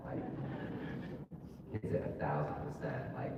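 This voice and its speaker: A man's voice: a bass voice, steady tone, a little slow, highs cut off, heavy background noise. A man talking candidly as a guest on a convention panel, rambling and laughing often. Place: large convention hall. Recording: echoey hall recorded from far off.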